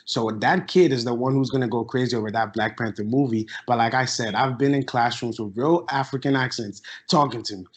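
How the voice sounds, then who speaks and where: Man from ghana, emphatic, argumentative, casual podcast talk, mid-pitched. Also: steady tone, brisk, few pauses. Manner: emphatic, argumentative, restarts a lot. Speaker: podcast guest, musician.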